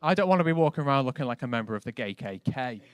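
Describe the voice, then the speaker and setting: A man's voice: medium pitch, animated, very fast, clean tone. A man doing a stand-up set on a comedy club stage, dry and conversational, full of casual asides. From Britain. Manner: dry, conversational, lots of likes.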